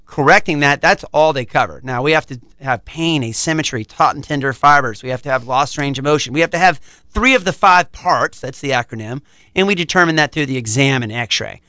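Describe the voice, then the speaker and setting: A man's voice: mid-range voice, fairly quick, sharp tone, clean tone, no echo. A middle-aged man, a chiropractor, explaining his practice confidently in a podcast interview. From United States.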